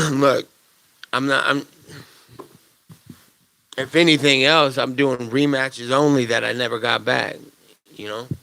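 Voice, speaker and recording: A man's voice: mid-range voice, fairly even intonation, takes it slowly, gravelly, pauses often, bright, forceful tone. A man, a fighter, answering press conference questions in a blunt, profane, rambling way.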